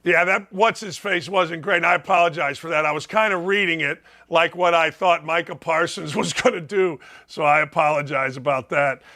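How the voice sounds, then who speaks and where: A middle-aged man hosting sports talk, riffing sarcastically and reading viewer comments aloud. His voice sits high and bright, with a sharp, forceful edge. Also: moderate pace, hardly any pauses. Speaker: sports talk show host.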